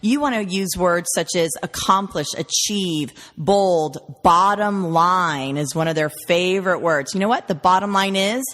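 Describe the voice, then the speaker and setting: A woman's voice: on the low side, unhurried, hardly any pauses, a bit bright. A woman guest on an interview, a referral marketing trainer who tells stories emphatically and lists words. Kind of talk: conversational interview. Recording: long hall reverb.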